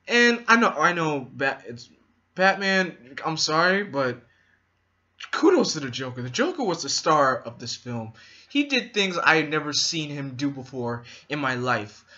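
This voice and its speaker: A man's voice: fairly high pitch, pushed and bright, highs cut off. A man giving an enthusiastic, rambling movie review in a casual vlog.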